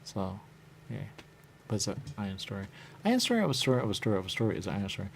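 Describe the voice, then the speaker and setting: A man's voice: on the low side, sing-song, fast, vocal fry, slight background noise. A man hosting a radio show, talking in a rambling, repetitive solo monologue and saying the same catchphrase again and again. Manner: repetitive, drifting, says "there you go" often.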